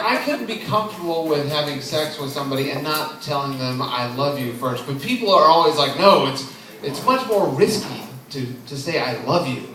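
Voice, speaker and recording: A man in his twenties performing an open mic stand-up set, deadpan and self-deprecating, chuckling at his own jokes. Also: mid-range voice, recorded from a distance. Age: 20s. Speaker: stand-up comedian. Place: comedy club stage. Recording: echoey club heard from afar, crowd noise. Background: audience laughing.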